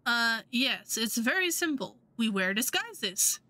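A woman voicing a cocky young male thief in a game, hushed and brusque. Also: a little high, big pitch swings, slow, full character voice. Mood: scheming.

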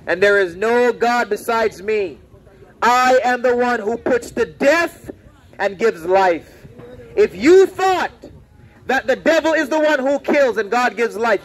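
A man's voice: extremely high pitch, slight background noise, poor audio. A man preaching outdoors on a roadside, fervent and repetitive, warning and pleading with passersby. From Saint Vincent. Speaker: street preacher. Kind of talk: open-air preaching.

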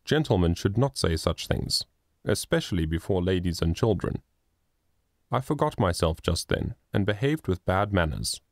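A man voicing a rich older general, a proud gentleman speaking with brisk authority in an audiobook. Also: low voice, lively intonation, dry recording, clean studio sound. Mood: contrite. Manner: impatient, then hurried and gruffly kind.

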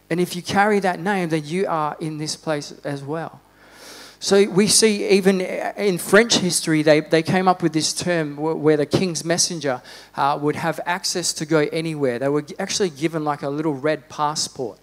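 A man preaching a sermon in a church, fervent, rising to loud exhortation and dropping to quiet reflection. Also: fairly high pitch, fairly even intonation, moderate pace. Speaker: pastor.

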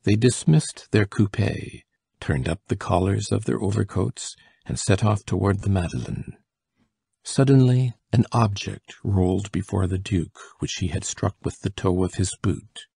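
Male audiobook narrator, husky, low-pitched, mellow timbre. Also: expressive, a little slow, no room sound, studio quality. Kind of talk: scripted narration.

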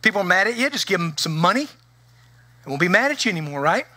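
A man's voice: high voice, sing-song, fairly quick, sharp tone. A man preaching a conversational sermon as pastor, often acting out the voices of the people he quotes.

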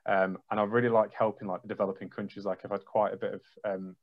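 A man's voice: fairly low pitch, level tone, quick pace. A man, a trampoline coach, telling an emotional story on a video call and acting out his own reactions. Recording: dull lo-fi video call audio.

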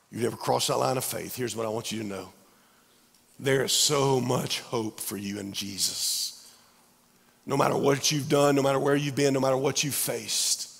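Hoarse pastor pleading in a big church. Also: male voice, medium pitch. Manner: earnest, pleading, repeats "man". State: hoarse, losing his voice. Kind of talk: sermon altar call. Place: large church sanctuary. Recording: long reverb of a large church.

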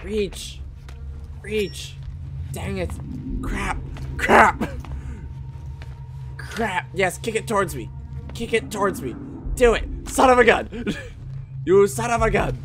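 A man giving let's play commentary, excitable and jokey, talking back at the game as he plays. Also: high voice, slow, pauses often. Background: game music and sounds.

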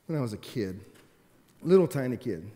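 A man in his forties, a pastor preaching a sermon in a church, telling stories and swinging between loud emphatic stretches and quiet, subdued ones. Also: medium pitch, big pitch swings, normal speed. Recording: long hall reverb.

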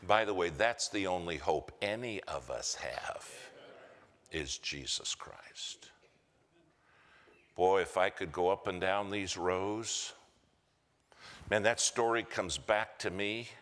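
A man's voice: low voice, a little slow, a bit bright. An American man preaching a sermon, telling a story and acting out the voices of the people in it. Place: church sanctuary. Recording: church hall reverb.

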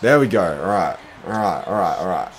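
A young man streaming a basketball video game, commenting live, groaning at his own mistakes and bursting into shouts. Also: low voice, brisk. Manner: excitable, groaning, self-deprecating, bursts into shouts. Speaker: gaming streamer.

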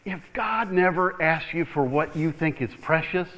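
A man's voice: on the high side, normal speed, few pauses, poor audio. A male pastor preaching a sermon in a church, calling out "Amen?" to the room, chuckling and repeating words as he builds up. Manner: animated preaching with repeated call-outs for "Amen?".

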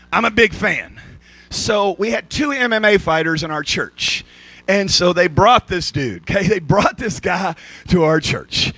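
A male pastor preaching an energetic, joking sermon at a church service. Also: sits high, breathy edge, no room sound.

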